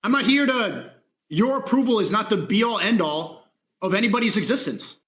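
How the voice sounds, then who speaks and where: A man's voice: sits high, lively intonation, moderate pace, a bit bright. A man talking on a livestream clip, earnest and lecturing as he explains his views on faith. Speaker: streamer. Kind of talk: livestream talk.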